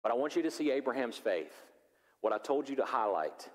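A pastor preaching a sermon, animated and acting out the characters of the story. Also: male voice, mid-range voice, brisk. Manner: animated, acts out biblical characters in voices. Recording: long reverb of a large hall.

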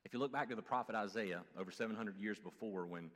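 A man with a light Southern US accent preaching a sermon as pastor, swinging between loud exclamations and hushed low asides. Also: quick pace, in a large hall.

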